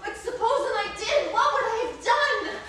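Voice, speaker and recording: A woman's voice: very high-pitched, animated, moderate pace, a bit bright. A woman acting as an exasperated middle-aged wife in a live stage play, recorded from afar in a theater. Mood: shaken. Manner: exasperated, sarcastic retorts. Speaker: stage actor. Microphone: distant room mic. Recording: echoey hall, distant, faint noise.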